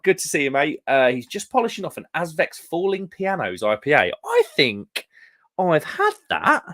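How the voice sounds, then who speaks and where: A man's voice: a little high, huge pitch swings, normal speed, fairly bright tone. Young British man, rambling live stream host, casual beer-chat delivery. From United Kingdom. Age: young adult. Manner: rambling, chatty, lots of fillers and restarts.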